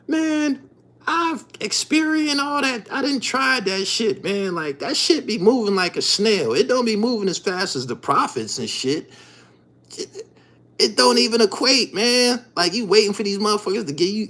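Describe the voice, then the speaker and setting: A man hosts his own channel in a loose, profane monologue full of street slang. His voice is very animated, with pitch leaping high and low as he swings between low mutters and loud emphatic outbursts. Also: moderate pace. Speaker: channel host.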